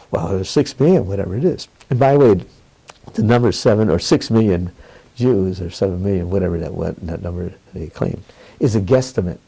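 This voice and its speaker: An older man in a candid interview, telling stories in an animated way, quoting others and laughing often. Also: lowish voice, vocal fry, breathy edge, rough recording.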